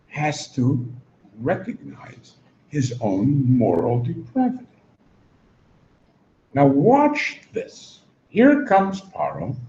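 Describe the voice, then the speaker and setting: A man giving a Torah lecture as an animated, joking storyteller who acts out quotes and drops in Hebrew and Yiddish words. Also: fairly high pitch. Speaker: Torah teacher. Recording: roomy, dull recording, faint hum.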